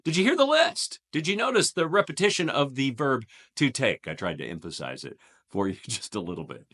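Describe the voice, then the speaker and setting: Lively man hosting a scripture devotional. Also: medium pitch, brisk. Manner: lively and emphatic, stressing repeated words with a chuckle. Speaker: devotional host. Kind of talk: daily devotional with scripture reading.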